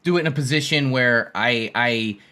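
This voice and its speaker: A man's voice: mid-range voice, normal speed, bright, forceful tone. A man hosting a stock trading stream, ranting bluntly and casually, swearing and repeating his points. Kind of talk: casual rant.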